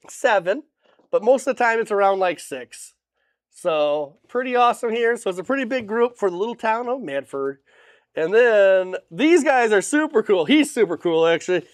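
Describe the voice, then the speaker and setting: A man's voice: very high voice, no room sound, studio quality. A man hosting a live stream from his small hobby shop, running through new products in a casual, hype-filled way with goofy jokes on the side. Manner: upbeat and hype-driven, with goofy joking asides. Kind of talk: casual livestream product rundown. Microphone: camera mic, facing a monitor.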